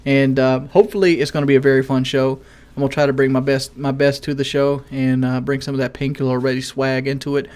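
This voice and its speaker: A young man giving casual gaming commentary, rambling and correcting himself, in what he calls a monotone voice, often asking viewers questions. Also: mid-range voice, fast talker, clear, resonant tone. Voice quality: self-described monotone voice.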